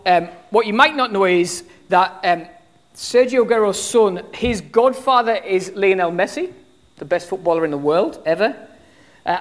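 A British preacher in their thirties delivers a sermon in a relaxed, conversational way. The delivery is animated, with frequent ums and restarts as thoughts form mid-sentence. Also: mid-range voice. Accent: British English. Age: 30s. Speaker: pastor.

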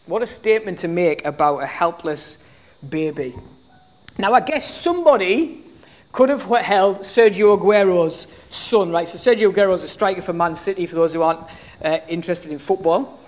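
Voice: medium pitch, moderate pace. A pastor in their thirties with a British accent, giving a conversational sermon full of fillers and restarts. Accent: British English. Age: 30s. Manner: conversational, animated preaching with many fillers and restarts.

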